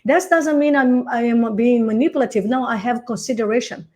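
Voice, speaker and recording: This real estate coach, a native Portuguese speaker, is a guest on a podcast, talking a little fast with a fairly high pitch. She's lively throughout, playing out phone conversations and tossing in "darling."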